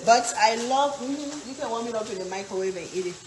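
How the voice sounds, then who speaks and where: A chatty woman hosts a live cooking stream, her fairly high voice bouncing around an echoey kitchen. Frying and sizzling crackle clearly behind her as she stirs and answers viewers. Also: brisk. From Africa. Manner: chatty, reads viewer comments aloud, talks while cooking. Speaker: cooking livestream host. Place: home kitchen. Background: frying and stirring sounds.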